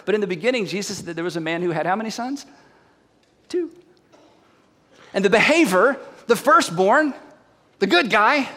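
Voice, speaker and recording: A man's high, fairly bright voice rings through a long hall reverb as he preaches. Speaking as a pastor, he tells the story with energy and throws rhetorical questions at his audience.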